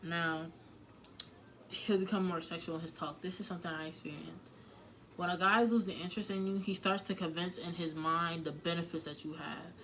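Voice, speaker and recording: A woman's voice: lowish voice, fairly even intonation, normal speed, fairly bright tone, a little hiss or hum. A woman giving frank relationship advice in a casual vlog, talking candidly with plenty of filler words and some swearing. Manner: emotional, close to tears at times.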